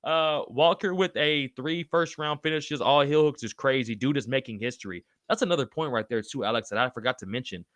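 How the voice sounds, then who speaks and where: A man running a live podcast stream reads chat and reacts loosely and excitably, swearing freely and calling everyone brother. His medium-pitched voice is brisk with few pauses, and the recording is dry.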